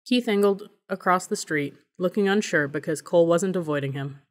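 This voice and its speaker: Low-voiced woman reading an audiobook. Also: brisk. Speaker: audiobook narrator. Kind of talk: audiobook narration.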